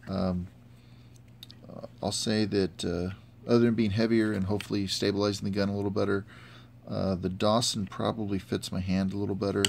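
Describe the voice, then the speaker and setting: A man giving a casual, halting product review with many fillers, filming on a handheld camera. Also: on the low side, level tone, gravelly, a little mellow, slight background noise. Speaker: gun hobbyist reviewer. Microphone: handheld camera mic.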